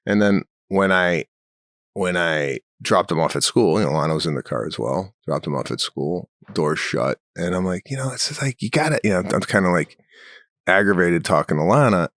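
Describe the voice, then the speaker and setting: Podcast co-host, middle-aged man, low voice, dry close sound, storyteller who builds into rants. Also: normal speed, dry recording. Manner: animated storytelling, rants with rising pitch. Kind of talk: casual chat.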